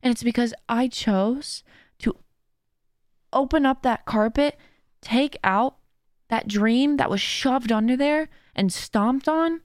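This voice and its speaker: A woman who hosts her own podcast and streams speaks slowly in a fairly high voice, offering casual, heartfelt, faith-driven encouragement. This motivational monologue has clean studio sound with no room sound.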